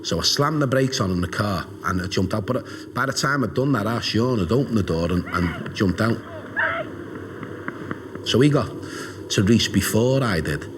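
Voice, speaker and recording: Low-voiced man recalling, shaken. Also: lively intonation, background noise. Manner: halting, emotional recollection. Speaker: witness, friend of the family. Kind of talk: documentary interview.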